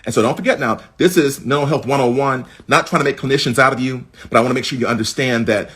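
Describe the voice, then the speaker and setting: A man teaching a livestream class on mental health, talking straight to his audience and jumping up in pitch to stress his points. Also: fast talker, hardly any pauses, husky. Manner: animated, leaps up in pitch to stress points, addresses the audience as folk.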